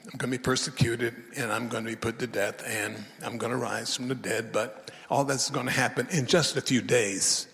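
Man playing a calm, commanding teacher, low and matter-of-fact, hall echo. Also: normal speed, hardly any pauses, natural voice. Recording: long reverb of a large hall.

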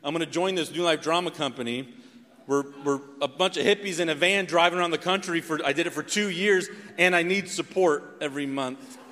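A slightly high, slightly fast voice belongs to a preacher in his forties from North Carolina giving his testimony. His storytelling is animated and sprinkled with "right?", recorded with long hall reverb in a church sanctuary.

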